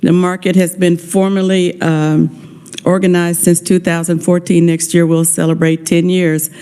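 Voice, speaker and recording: A woman speaks with heartfelt gratitude in a legislative hearing room, her voice mellow and warm. She talks as an honoree at the committee and sounds a little emotional. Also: fairly low pitch, little pitch movement, unhurried, smooth. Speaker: honoree testifying.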